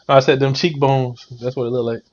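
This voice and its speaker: A young man co-hosts a casual podcast, easygoing and quick to laugh as he reminisces. His voice sits in an ordinary middle pitch. The recording is dull and slightly lo-fi. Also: fairly even intonation, a little mellow. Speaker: podcast co-host. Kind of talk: casual chat. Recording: dull lo-fi sound.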